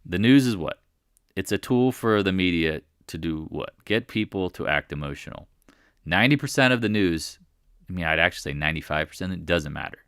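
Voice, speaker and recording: Running a stock market livestream, a man talks emphatically and casually, repeating himself and drifting between thoughts. His deep voice is animated, fairly quick, a bit bright, and smooth, in dry, studio-quality audio.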